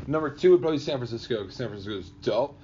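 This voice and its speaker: A New Yorker chats on a podcast, his pitch swinging widely as he tells animated stories. He slips into loud, laughing impressions of other people. The audio is dull and lo-fi, with a faint hiss. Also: rapid-fire. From New York. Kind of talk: casual chat.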